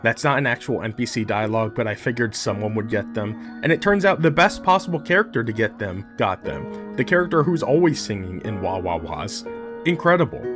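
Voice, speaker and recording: A man casually commenting on a video game, joking and exasperated as he talks to the characters. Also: mid-range voice. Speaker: gaming video host. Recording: loud game music and chorus behind voice.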